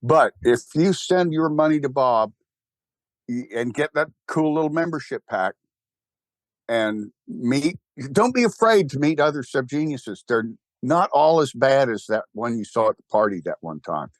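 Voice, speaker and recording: An older man with a Texan accent, an interview guest talking casually in a rambling, animated and wry way. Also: medium pitch, moderate pace, no room sound. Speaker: interview guest, church founder.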